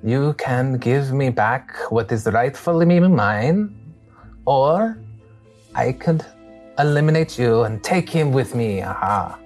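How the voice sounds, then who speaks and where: A man voicing a sly, villainous man wrapped in white, with a put-on French accent and a smug, drawn-out, threatening delivery. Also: mid-range voice, animated, darkish tone, soft background music. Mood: menacing.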